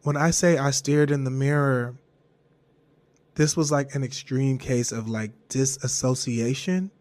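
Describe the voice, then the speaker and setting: A young man hosting a podcast tells a personal story in casual chat, unhurried and a little mellow. He swears freely, laughs as he goes and jumps into a high falsetto when quoting himself.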